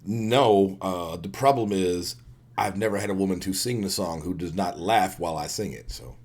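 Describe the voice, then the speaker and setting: Low-voiced joking man on a podcast. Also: moderate pace, darkish tone. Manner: joking banter. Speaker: podcast co-host. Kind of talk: casual chat.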